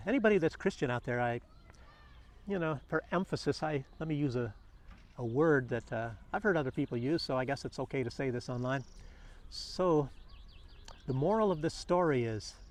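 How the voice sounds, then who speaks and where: A man giving casual commentary and telling a fable in a rambling way, full of fillers and restarts. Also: a little high. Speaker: vlogger. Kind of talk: casual spoken commentary and storytelling.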